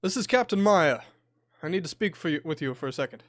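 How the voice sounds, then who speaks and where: A man voicing a brisk male airship captain who gives curt, urgent orders. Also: a little high, no room sound, studio quality, natural voice.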